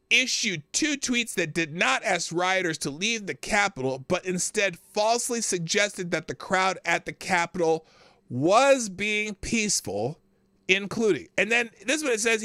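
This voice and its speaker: Hosting a live political commentary show, a man speaks in a high, swooping voice with a bright, cutting tone. He reads passages aloud and answers them with incredulous, animated remarks, all captured in a dry, close recording.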